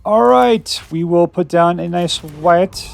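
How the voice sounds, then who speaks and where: A man's voice: sits high, slow pace, gravelly. Chatty man joking through gameplay. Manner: chatty, jokey, talks to himself while playing. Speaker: gameplay streamer. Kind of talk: casual gameplay commentary.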